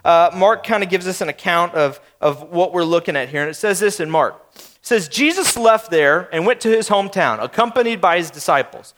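In a high voice, a young man delivers his sermon as pastor with playful energy, slipping into quick asides where he mimics doubtful townspeople.

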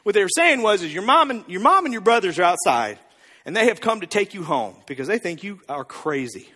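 A man preaching a sermon as pastor, telling the story in an animated, joking way. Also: sits high, fairly quick, in a large hall. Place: church.

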